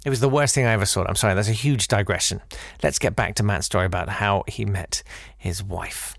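A man's voice: fairly low pitch, fairly quick, gravelly, no room sound, studio quality. A man hosting a podcast who reads a listener's story aloud, breaking off for wry, digressive asides and theatrical readings. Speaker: podcast host.

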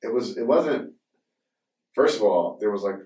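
Rambling male podcast host, low voice. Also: expressive, normal speed, a little mellow. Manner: rambling, with many fillers and restarts. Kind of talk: casual conversation. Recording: roomy sound from a distant mic.

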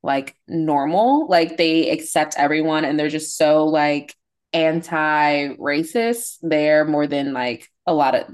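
A young woman co-hosting a podcast, chatting in a relaxed, giggly way with lots of filler words. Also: sits low, slow pace. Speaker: podcast co-host. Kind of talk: casual chat.

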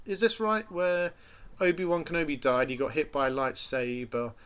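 A man's voice: a little high, flat delivery, normal speed, fairly bright tone, clear, resonant tone. A man in casual chat, rambling enthusiastically about a film and acting out quotes.

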